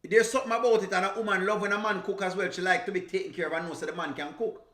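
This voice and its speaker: A man's voice: high-pitched, fairly even intonation, racing, a bit bright, roomy sound. A man from Jamaica with a Jamaican accent, chatting casually on a live stream, teasing and laughing and slipping into patois. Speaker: reaction streamer.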